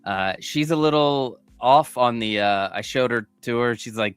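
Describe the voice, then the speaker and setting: A married man on a toy collecting panel, talking in a halting, hesitant way. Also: medium pitch, a bit bright, smooth, dry recording, soft background music. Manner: halting, many fillers and restarts. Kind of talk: casual panel chat.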